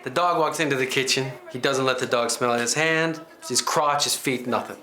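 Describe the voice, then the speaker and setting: A man's voice: medium pitch, steady tone, moderate pace, bright, forceful tone. A man hosting a comedy reenactment show, telling a true story in a chatty, rambling way full of asides. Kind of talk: comedic first-person storytelling.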